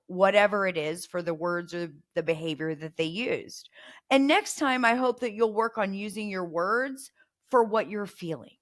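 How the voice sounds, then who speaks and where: A woman's voice: mid-range voice, a bit bright. A middle-aged woman hosting a parenting podcast, coaching listeners and acting out example phrases to say to a child. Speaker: podcast host.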